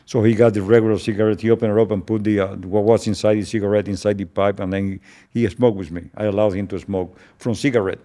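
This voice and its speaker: An older man, Spanish his first language, narrates a past event for an interview at a slow, solemn pace, often halting to repeat words. His warm voice sits on the low side with little pitch movement.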